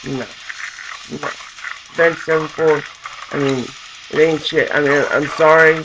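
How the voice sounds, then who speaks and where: A man's voice: on the high side, steady tone, measured pace, highs cut off, background noise. A young man from Southern California, a vlogger rambling and swearing in a casual rant to his camera. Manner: profane, rambling, full of fillers. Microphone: camera mic.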